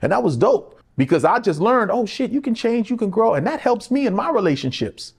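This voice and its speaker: A middle-aged man talks openly in an interview, acting out the people in his stories and laughing along the way. His voice sits fairly high for a man and swings widely in pitch. It carries a gravelly texture. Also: fairly quick. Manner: animated, acts out quoted voices, laughs often. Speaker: actor being interviewed. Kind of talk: candid conversational storytelling.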